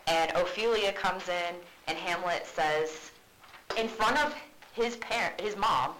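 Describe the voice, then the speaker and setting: A woman's voice: fairly low pitch, fairly bright tone, a little hiss or hum, rough recording. Chatty woman teacher explaining a play. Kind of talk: casual classroom explanation.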